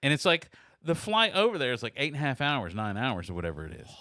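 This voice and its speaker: A man's voice: fast, no room sound, clean studio sound. A middle-aged man hosting a podcast, telling a long story in casual chat and acting out the people he quotes. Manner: animated, acts out quoted people with rising pitch. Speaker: podcast host.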